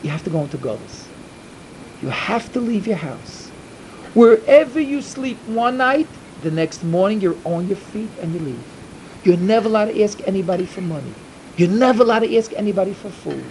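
A man voicing a stern, commanding old rabbi in a told tale, with slow, forceful scolding. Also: sits high, animated, a little hiss or hum, rough recording. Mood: solemn.

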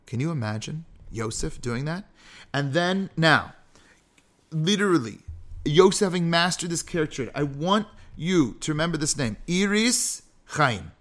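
A man's voice: a little high, expressive, moderate pace, fairly bright tone. A man hosting a podcast, teaching character ethics in a casual way, full of self-deprecating asides and rhetorical questions. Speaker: podcast host.

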